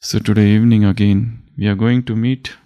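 A man giving a spiritual discourse as a teacher, speaking slowly and deliberately and repeating his phrases. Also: on the low side, little pitch movement, warm tone.

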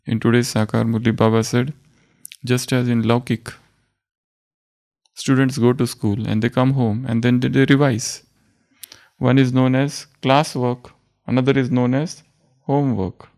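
A man's voice: mid-range voice, little pitch movement, measured pace, pauses often, darkish tone. A man, teaching a spiritual class, quizzing listeners and telling parables. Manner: asks the class questions, tells parables, teacherly.

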